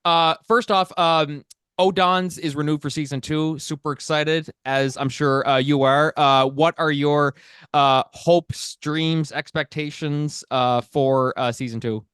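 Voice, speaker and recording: A man's voice: a little high, fairly even intonation, unhurried, a bit bright, clear, resonant tone, no room sound, studio quality. A man hosting a podcast, talking in an enthusiastic, casual way with lots of uh's and like's. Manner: enthusiastic, many fillers like uh and like. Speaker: podcast host. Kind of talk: casual interview chat.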